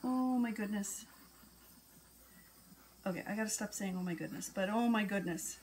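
A woman's voice: medium pitch, fast, a little hiss or hum. A woman artist narrating her painting in a casual, gushing way, often dropping into a whisper, recorded on a camera on a stand. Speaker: acrylic pour artist.

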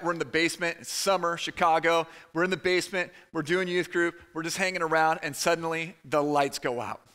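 A man preaching a conversational sermon to his church, with quick asides to the room. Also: a little high, pushed and bright, clear, resonant tone. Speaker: pastor. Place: church sanctuary.

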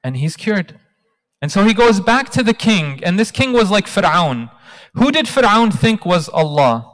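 A man in his thirties tells a religious story to a hall audience in an animated, engaging way. His voice sits high for a man. A long reverb follows him through the large hall. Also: moderate pace. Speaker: guest speaker. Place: large hall at a community talk night.

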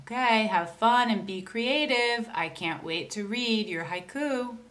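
A woman's voice: a little high, a bit bright. A woman teacher giving a recorded lesson, talking patiently and counting out syllables step by step. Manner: slow, patient, spells out syllables.

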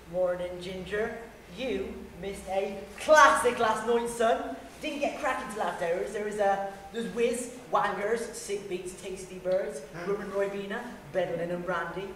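A man's voice: high-pitched, takes it slowly, fairly bright tone, slight background noise. A young man playing a cheeky village lad in a student stage play, chatty and laughing, with a put-on West Country accent. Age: young adult. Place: college theatre stage. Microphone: far camera. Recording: echoey hall from far off.

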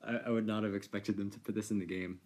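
A man giving casual, amused commentary while playing a racing game, chatty and quick to laugh. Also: lowish voice, little pitch movement, darkish tone. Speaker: gaming video creator.

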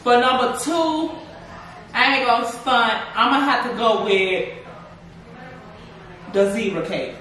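A young woman chats through a snack review in a playful, slangy way. Her voice is bright and forward. The room echoes heavily, and she is recorded from a distance. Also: fairly high pitch, takes it slowly, pauses often. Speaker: food review co-host. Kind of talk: casual food review banter.

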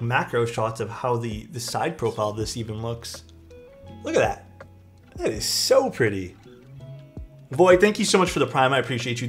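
Man, casual streamer chat, animated swooping pitch, thinking aloud, faint music behind. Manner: thanks chat, muses aloud while unboxing. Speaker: streamer building a keyboard.

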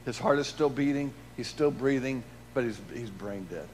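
A man preaching and telling a personal testimony, swinging between loud emphatic lines and hushed low ones. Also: normal speed, slight background noise. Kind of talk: testimony sermon.

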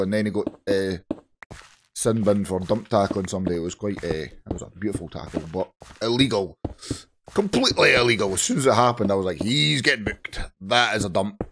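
A Scottish man with a hoarse, groggy voice, chatting casually to viewers while playing Minecraft on his channel. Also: fairly low pitch, fairly bright tone, a little hiss or hum. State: hoarse from shouting. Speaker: gaming channel host. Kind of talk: casual Minecraft let's play commentary.

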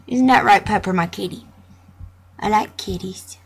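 A woman's voice: medium pitch, moderate pace. A young woman playfully commentating a computer game, joking and reading the dialogue aloud. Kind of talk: gameplay commentary.

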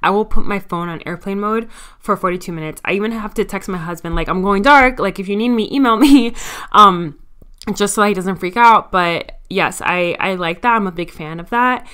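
A woman's voice: fairly low pitch, normal speed, pushed and bright, smooth. A woman with a Miami accent hosting her own podcast, talking in a chatty, candid and self-mocking way. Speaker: podcast host. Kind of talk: casual solo podcast talk.

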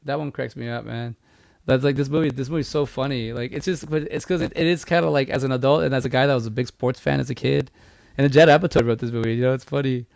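Gravelly fast-talking man chatting casually. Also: mid-range voice, fairly even intonation, darkish tone, dry recording, clean studio sound. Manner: rambling, loose and profane, with many restarts. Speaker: podcast co-host. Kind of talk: casual movie discussion.

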